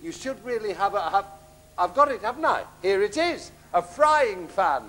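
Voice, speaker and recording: A man's voice: high voice, big pitch swings, moderate pace, full character voice. A man playing a bumbling, kindly pantomime father who makes puns and muttered asides in a live stage comedy. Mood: doting. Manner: gentle, punning, mumbling asides. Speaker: comic actor. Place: theatre stage.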